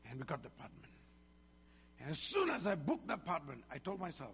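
A man's voice: a little high, big pitch swings, fast talker, gravelly, fairly bright tone, husky. A Malaysian man in his fifties, a pastor preaching a sermon with a Malaysian English accent, emphatic and calling out questions to the congregation. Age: 50s. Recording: reverberant hall.

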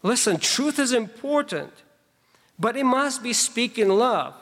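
A man with an extremely high, expressive and fairly bright voice preaches a sermon at a measured pace. He explains scripture verses emphatically, adding conversational asides to the congregation, and the recording carries the long reverb of a large hall.

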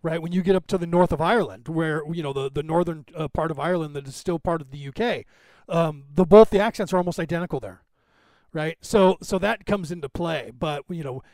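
A man's voice: on the high side, fairly quick, darkish tone, no echo. An American man hosting a podcast who rambles in casual commentary, with lots of fillers and restarts. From United States. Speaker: podcast host.

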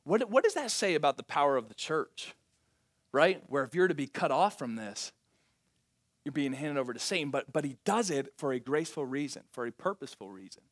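A man with a notably high voice delivers a morning sermon as a pastor. He speaks emphatically, often restarting phrases and putting rhetorical questions to the congregation. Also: very animated, a little fast.

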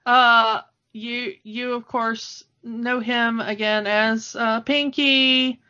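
Woman, thirties, fairly high voice, casual podcast chat, laughs often, dull lo-fi sound. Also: steady tone, drawn-out words, sharp tone. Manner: chatty, laughs often, fillers and restarts. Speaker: podcast co-host.

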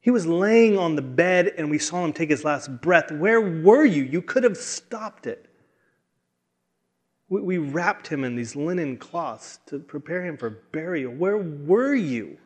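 A man voicing a grieving young woman who pleads and accuses, her voice rising toward near shouts. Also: on the high side, animated, moderate pace, hardly any pauses, pitched above the performer's own voice. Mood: anguished accusing. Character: grieving young woman demanding why help never came.

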